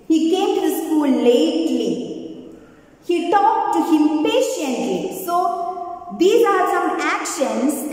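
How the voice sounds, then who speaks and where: Lady teacher talking slow and singsong, high voice, echoey hall sound. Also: a little mellow. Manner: slow, sing-song, asks and answers her own questions. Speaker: primary school teacher. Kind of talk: recorded online class lecture. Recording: very echoey room, long reverb.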